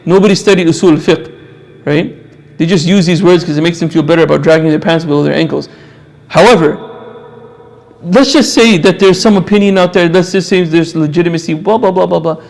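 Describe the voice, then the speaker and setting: A man's voice: fairly high pitch, a little fast, vocal fry. A man giving an impassioned religious lecture, repeating phrases for emphasis.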